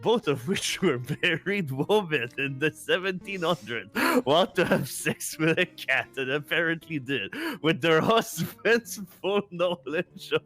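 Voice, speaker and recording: A man's voice: a little high, expressive, unhurried, hardly any pauses, fairly bright tone. A man co-hosting a stream, reading a review aloud in a casual, incredulous way and laughing often. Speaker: stream co-host.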